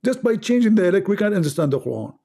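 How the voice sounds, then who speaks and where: A man's voice: sits high, sing-song, fast, vocal fry, dark tone, husky. A man hosting a heated live online debate, arguing in broken English, cutting in and repeating phrases to make his point. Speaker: debate host.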